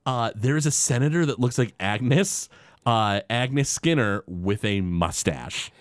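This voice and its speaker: Casting: male podcast co-host, animated pitch, chatty, hesitant, close dry sound. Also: a little slow, no room sound. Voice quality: animated, acts out quoted characters in shifting voices. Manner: filler-heavy, frequent "uh" restarts. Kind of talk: casual podcast recap.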